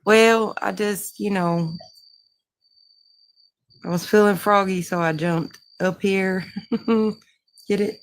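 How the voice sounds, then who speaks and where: A woman's voice: medium pitch, steady tone, takes it slowly, long pauses. A woman from Texas, a guest on a casual livestream chat, rambling in a goofy, self-mocking way.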